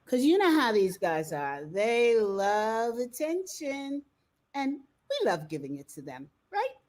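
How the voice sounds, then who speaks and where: A woman's voice: lowish voice, wildly swooping pitch, normal speed, darkish tone. A woman hosting a live-streamed talk show, chatty and bubbly, laughing easily as she greets viewers and introduces her guest. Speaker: host. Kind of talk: casual live-stream chat.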